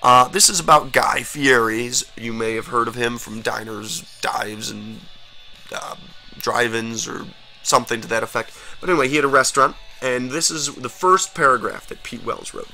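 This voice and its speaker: A man's voice: mid-range voice, normal speed, bright, forceful tone, soft background music. A man teaching a recorded grammar lesson, talking straight to students with energy and emphasis.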